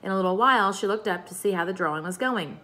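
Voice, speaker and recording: A woman's voice: mid-range voice, animated, fast talker, pushed and bright. Woman reading a storybook aloud. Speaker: reader.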